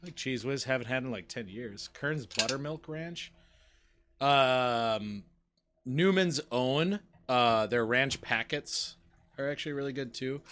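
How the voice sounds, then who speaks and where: A man co-hosting a casual gambling stream, loud and rambling, swearing freely as he chats with friends. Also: mid-range voice, unhurried, a little hiss or hum. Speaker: podcast co-host. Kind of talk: casual banter while playing slots.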